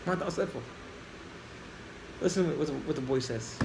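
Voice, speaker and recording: A man teaching a class, telling a story with lively acted-out dialogue and questions to the listeners. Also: a little high, quick pace, gravelly, noisy background.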